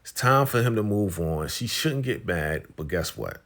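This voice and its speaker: A man talks through a TV episode in a loose, slangy recap. His voice sits very low. He paraphrases the characters' lines as he goes, like he is telling a friend what happened. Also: expressive, normal speed, a bit bright. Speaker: TV recap host.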